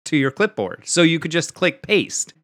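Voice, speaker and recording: A man co-hosting a podcast in casual chat, explaining things with quick restarts. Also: fairly high pitch, sing-song, a bit bright. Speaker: podcast co-host.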